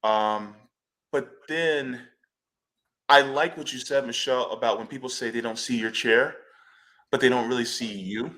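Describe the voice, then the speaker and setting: A man's voice: mid-range voice, normal speed, sharp tone. A man speaking on a panel discussion, emphatic and blunt, swearing freely when he gets fired up.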